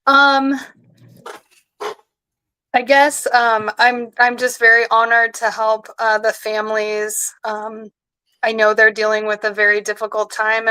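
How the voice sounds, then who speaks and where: A woman veterinarian from Nebraska, a guest on a podcast, speaking earnestly and softly with many pauses. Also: mid-range voice, dry recording, poor audio. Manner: soft-spoken, many "um"s, earnest. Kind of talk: podcast interview.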